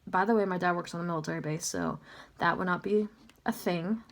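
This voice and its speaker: A woman's voice: on the low side, a little fast. Chatty woman telling a story. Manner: chatty, filler-heavy, lots of "like" and "um". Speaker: vlogger. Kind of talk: casual storytelling.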